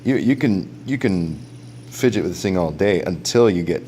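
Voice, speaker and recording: A man with a low, deep voice talks through a gadget review in an unpolished, casual way. He meanders with many fillers and restarts and chuckles often as he goes. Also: lively intonation, normal speed, mellow, slight background noise. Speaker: product reviewer.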